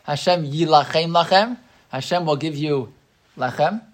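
A woman's voice: deep voice, normal speed. A woman teaching an interactive Torah class, telling stories and putting questions to the group. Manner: lively, storytelling, asks the group questions.

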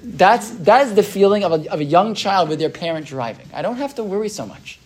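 A man leads a relaxed Torah class in a loose, talkative way. He keeps checking in with his listeners with a quick "right?" and slips into the voices of the people in the stories he tells. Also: high-pitched, a little hiss or hum. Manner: chatty, keeps asking "right?"; acts out quoted voices in his retelling. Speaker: Torah teacher. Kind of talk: casual Torah class lecture.

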